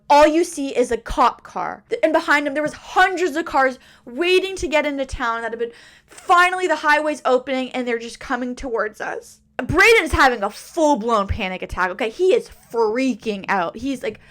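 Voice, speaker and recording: A woman hosting a casual storytime podcast, telling a story with an animated, dramatic delivery. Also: a little high, moderate pace. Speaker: podcast host.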